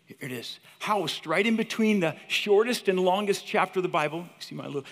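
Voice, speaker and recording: In a large hall whose long reverb follows his fairly high voice, a teacher in his fifties delivers a storytelling sermon at a slightly fast clip. He's animated and chatty, addressing the room as "you guys."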